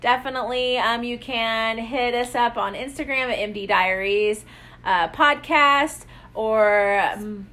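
A woman's voice: on the high side, measured pace, pushed and bright, rough recording. A middle-aged woman co-hosting a podcast, chatting casually in a rambling way with many fillers. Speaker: podcast co-host.

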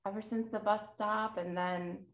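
A woman's voice: mid-range voice, fairly even intonation, moderate pace. A woman in her thirties, a podcast guest, chatting in a rambling way and laughing easily. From New Jersey. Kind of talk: casual chat. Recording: echoey room.

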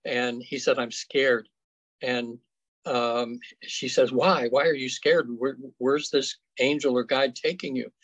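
Earnest man telling stories haltingly. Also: medium pitch, steady tone, slightly rough, no echo, muffled recording. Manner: halting, full of ums and restarts. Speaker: afterlife researcher guest. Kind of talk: casual interview storytelling.

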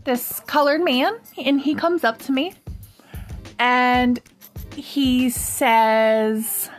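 Chatty higher-voiced woman telling a story. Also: fairly even intonation, drawn-out words, faint music behind. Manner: rambling, full of "um" and "like". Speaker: podcast host. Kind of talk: casual storytelling monologue.

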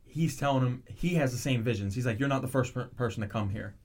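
Talking fast in a medium-pitched voice, a man rambles through a show's plot in casual conversation. He's animated, constantly restarting and veering into tangents.

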